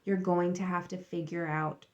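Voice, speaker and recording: Lady doing a tarot reading at her table, kinda low voice, rambly and chatty, talking to her camera. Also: flat delivery, normal speed, lo-fi sound. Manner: chatty, rambling, friendly asides. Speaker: tarot reader.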